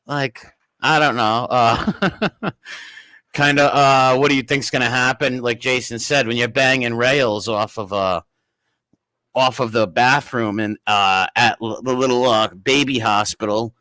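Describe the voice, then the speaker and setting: A man's voice: medium pitch, fairly even intonation, unhurried, sharp tone, no echo. A man hosting a casual livestream, rambling and greeting chat viewers by name. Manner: rambling, reads chat names aloud. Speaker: livestream host.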